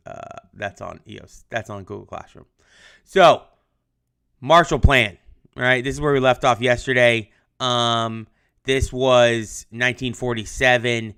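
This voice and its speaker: A man's voice: mid-range voice, bright, forceful tone, clear, resonant tone. A young adult male history teacher giving a casual livestreamed lesson, chatty with lots of ums, answering viewer comments. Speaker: high school history teacher.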